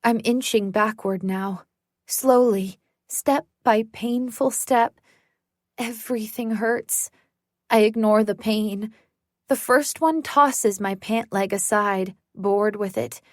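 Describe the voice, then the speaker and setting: Woman audiobook narrator, unhurried suspense read, dry studio sound. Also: mid-range voice, dry recording. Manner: measured, suspenseful storytelling. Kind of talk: first-person thriller narration.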